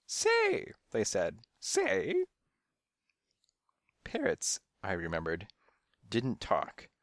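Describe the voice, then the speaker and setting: A man narrating a children's mystery audiobook in first person, with expressive, playful storytelling. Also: mid-range voice, vocal fry, no room sound, clean studio sound.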